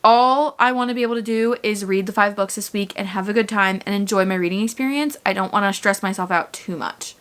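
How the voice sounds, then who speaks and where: A woman's voice: mid-range voice, brisk, hardly any pauses, a bit bright, clean tone. A young woman vlogging casually about a reading challenge, chatty and dramatic about how the books make her feel. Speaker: book vlogger. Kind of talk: casual vlog chat.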